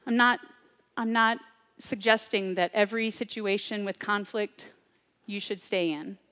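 A woman preaching a sermon, swinging between loud, urgent declarations and hushed, near-whispered asides. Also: medium pitch, steady tone, a little slow, big-room sound.

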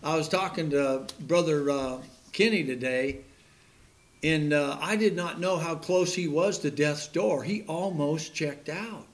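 A man's voice: on the high side, unhurried. A man preaching a sermon in a folksy, joking way, laughing at his own puns and stories.

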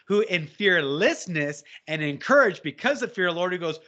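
A man preaching with passion in conversation, exhorting and building to loud outbursts. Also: sits high, lively intonation, normal speed. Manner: impassioned, exhorting, rising to shouts when quoting. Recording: dull lo-fi audio.

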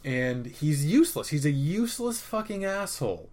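A man's voice: on the high side, normal speed. Profane, opinionated male podcast host. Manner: profane, opinionated, rambling with restarts; animated, jumps between loud and muttered asides. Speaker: podcast host reviewing a TV episode. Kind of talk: casual recap commentary.

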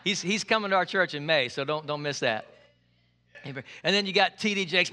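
High, bright-voiced preaching man. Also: normal speed. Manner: energetic, repeats key phrases, jokes with the congregation. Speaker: pastor. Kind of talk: sermon.

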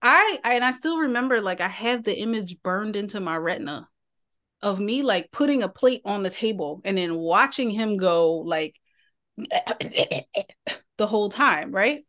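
In a relaxed podcast conversation, this woman co-host shares a family story in a mid-range voice, speaking a little slowly. She tells it with animation, laughing partway through her sentences.

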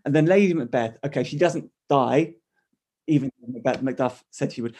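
A man's voice: mid-range voice, normal speed, dark tone, slightly rough. A man co-hosting a casual discussion of a play, thinking aloud and often restarting his sentences. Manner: thoughtful, with frequent restarts. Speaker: podcast co-host discussing a play. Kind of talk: casual analytical chat.

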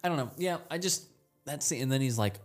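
A man's voice: mid-range voice, animated, brisk, soft background music. A man co-hosting a casual movie podcast, opinionated and often acting out characters' lines in mocking voices. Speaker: podcast co-host. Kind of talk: casual chat.

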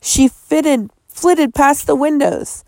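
Audiobook: woman reading as a nervous young boy, breathless, raised pitch. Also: takes it slowly, gravelly, dark tone, no room sound, exaggerated voice. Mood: scared. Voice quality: breathless, fearful. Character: frightened young boy sidekick, jumpy.

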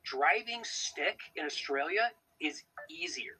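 A man from the United States co-hosts a casual podcast chat from his home in Australia, rambling enthusiastically with many fillers. His voice is fairly high, expressive, slow, sharp and husky, and the recording is rough.

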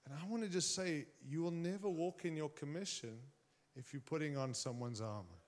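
At normal speed, a man preaches emphatically to the congregation in front of him, letting his voice rise and fall sharply in both pitch and volume.

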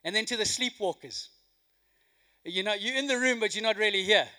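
A man delivers a sermon with a high, bright voice. He moves from loud, emphatic lines to near-whispered hush. His telling is animated throughout. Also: fairly quick. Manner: animated, swinging from loud emphasis to hushed quiet. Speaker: pastor. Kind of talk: sermon with a told joke. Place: church hall.

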